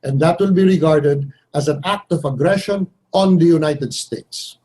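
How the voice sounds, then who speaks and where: A man's voice: a little high, normal speed, a little mellow, slightly rough, low-quality recording. An older man from the Philippines giving blunt, wry interview answers as a foreign minister, sometimes acting out the voices of others. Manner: blunt, wry, acts out others' lines with shifts in voice.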